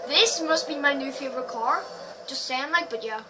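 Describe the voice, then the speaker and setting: A woman giving excitable racing game commentary as a channel host, full of playful trash talk and sudden loud outbursts. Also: high voice, moderate pace. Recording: distant mic with background noise.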